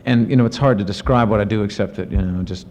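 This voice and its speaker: A man, an author and professor, answering audience questions in lively storytelling with many restarts and fillers. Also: on the low side, fast talker, big-room sound, slight background noise. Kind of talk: casual spoken Q&A. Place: university lecture event. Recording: muffled 1970s archive recording.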